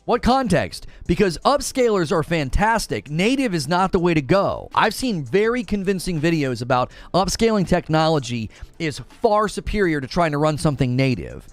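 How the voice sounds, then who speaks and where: A man's voice: a little high, normal speed, hardly any pauses, no echo, faint music behind. Guy ranting on his gaming stream, voice jumps all over, dry close mic. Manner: animated, exasperated ranting. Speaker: gaming livestream host. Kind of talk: casual livestream chat.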